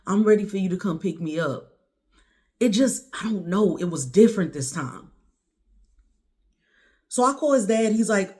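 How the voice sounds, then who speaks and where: A woman recounting a harrowing personal story straight to the camera, her voice climbing high and loud when she relives her own words, then dropping low and quiet. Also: animated, moderate pace, long pauses. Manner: intense, rising to near-shouts when quoting herself.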